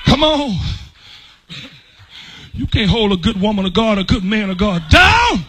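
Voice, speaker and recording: A man preaching a sermon with a raspy voice, shouting and slipping into a sing-song cadence. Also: sits high, sing-song, measured pace, slight background noise, poor audio. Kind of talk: whooping sermon.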